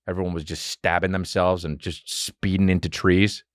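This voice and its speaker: A man's voice: low voice, level tone, moderate pace, few pauses, no room sound, studio quality. A man hosting a podcast alone at home, talking in a loose, profane, rambling comedic monologue that jumps from topic to topic. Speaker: podcast host. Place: home room with a fan running.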